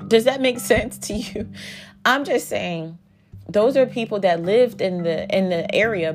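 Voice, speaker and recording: A woman in her thirties telling a dating story in a casual vlog, blunt and profane, with a sarcastic edge. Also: on the low side. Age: 30s. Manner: blunt, profane, sarcastic, talks back and forth. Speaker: vlogger.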